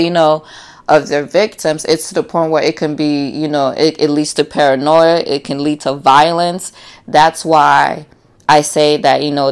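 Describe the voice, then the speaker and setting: A low-pitched woman hosts her own podcast, speaking directly to listeners in a loose, unscripted solo monologue. She is blunt and freely profane, addresses the audience as y'all, and animatedly acts out voices to make her points.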